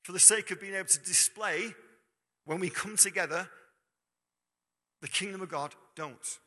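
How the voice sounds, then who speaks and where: A male preacher delivers a sermon in a ringing, sharply bright voice pitched a touch high. He keeps it conversational, throwing questions out to the congregation. His words hang in the long reverb of a church hall. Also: moderate pace.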